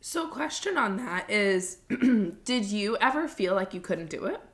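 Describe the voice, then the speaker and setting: A woman's voice: medium pitch, animated, unhurried. A woman co-hosting a podcast, listening supportively and asking probing follow-up questions in casual chat. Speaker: podcast co-host.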